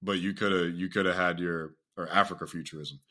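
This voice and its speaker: Bright-voiced, animated American man. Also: low-pitched, a little fast. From United States. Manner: animated, profane, laughs often, slips into mock accents. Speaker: podcast host. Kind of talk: casual podcast chat.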